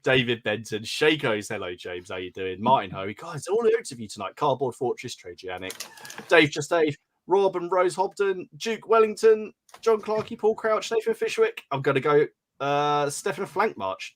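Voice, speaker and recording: A man's voice: a little high, animated, moderate pace. A man from England hosting a hobby podcast in casual chat, reading out listener names and laughing often. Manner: chatty, laughs often, stumbles over names. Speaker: podcast host.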